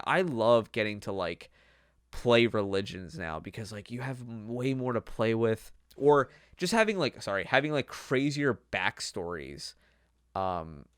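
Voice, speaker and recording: A man's voice: on the low side, clear, resonant tone, no room sound, studio quality. A young man hosting a podcast, chatting casually in a rambling way with lots of fillers. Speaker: podcast host. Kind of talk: casual chat.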